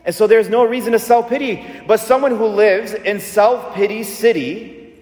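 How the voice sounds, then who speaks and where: A man's voice: high voice, moderate pace, a little mellow. A male pastor preaching a sermon, emphatic and repetitive, leading the congregation in call-and-response. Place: large church. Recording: echoey church hall.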